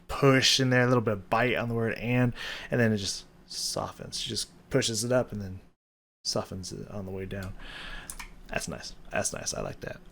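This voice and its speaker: A man hosting a music reaction video, breaking down a song casually, with hesitant restarts and rhythms hummed aloud. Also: on the low side.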